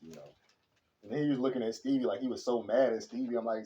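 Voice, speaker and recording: A man giving a casual, slang-heavy movie review, animated and chatty, calling everyone "bro.". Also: on the low side, fast, dull audio. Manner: slangy and animated, says "bro" and "hella" constantly.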